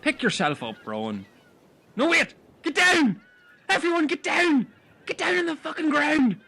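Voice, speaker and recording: A man playing a panicked shipwrecked castaway who shouts urgent commands in an amateur audio drama. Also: lowish voice, wildly swooping pitch, moderate pace, exaggerated voice. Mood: alarmed.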